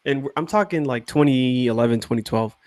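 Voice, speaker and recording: A man's voice: mid-range voice, brisk, darkish tone, no room sound, clean studio sound. A young man chatting casually with friends as co-host, rambling and laughing through stories. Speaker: podcast co-host. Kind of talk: casual chat.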